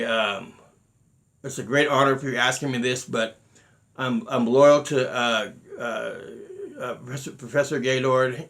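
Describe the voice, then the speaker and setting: Middle-aged man, martial arts teacher, earnest, halting storytelling, mid-pitched voice. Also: creaky, fairly bright tone. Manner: earnest storytelling with many restarts and quoted exchanges. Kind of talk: unscripted talk to students.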